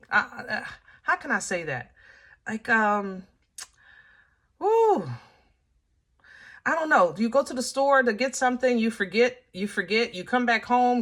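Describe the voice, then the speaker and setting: A woman talks her viewers through a tarot reading in a relaxed, conversational way. Her voice is bright and forward, and her delivery is animated and full of everyday asides. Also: a little high. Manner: animated, chatty, with laughs and colloquial asides. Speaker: tarot reader. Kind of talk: casual tarot reading to camera.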